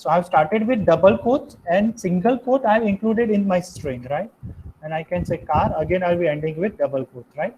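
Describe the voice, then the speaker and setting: A man with a fairly high voice teaches coding in a live online class. He explains each step patiently and keeps checking in with a quick "right?". A faint hiss sits under his voice. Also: a little mellow, poor audio. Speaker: programming instructor.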